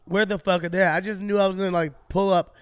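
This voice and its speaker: A man with a high, smooth voice, co-hosting a podcast and telling a long story. He is animated and swears freely, and the dry, close mic leaves no room sound. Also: quick pace, dry recording. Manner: animated, swearing, acts out his own shouts. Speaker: podcast co-host. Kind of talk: casual storytelling.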